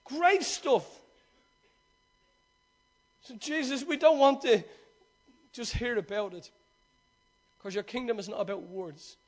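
A male pastor preaching and praying fervently, repeating phrases and swinging from hushed prayer to loud exhortation. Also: very high voice, slow, pauses often. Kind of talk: sermon with prayer.

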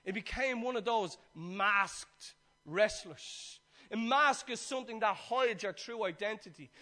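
High-voiced Irish preacher telling a story. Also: male voice, measured pace. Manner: animated storytelling, acts out the characters; jokes with the congregation. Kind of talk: sermon.

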